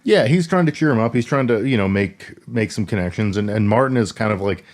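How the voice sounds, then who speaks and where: A deep-voiced man co-hosting a casual podcast, walking through a film's plot. He rambles and restarts often, filling his pauses with ums and uhs. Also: animated. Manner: rambling, halting retelling with many fillers and restarts. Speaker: podcast co-host. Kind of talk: casual chat recapping a film.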